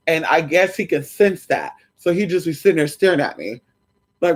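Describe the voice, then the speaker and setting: Brisk and medium-pitched, the voice belongs to a livestream host in casual conversation with her audience. She is sassy, swears, calls viewers honey and girl, and animatedly switches into quoted voices.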